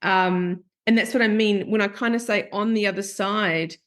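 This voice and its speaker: A woman's voice: mid-range voice, fairly even intonation, moderate pace, fairly bright tone. Woman podcast host telling candid stories. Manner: open, confessional storytelling that acts out remembered quotes.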